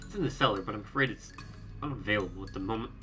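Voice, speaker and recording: A man's voice: on the low side, lightly acted. A man doing a creepy grinning innkeeper. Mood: creepy cheerful. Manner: slow, oddly emphasized words. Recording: game music playing underneath.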